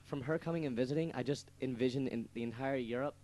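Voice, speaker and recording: A young man co-hosts a casual radio show in a mellow, medium-pitched voice, talking at a quick pace. He rambles through stories with lots of stammered restarts and laughs at his own jokes.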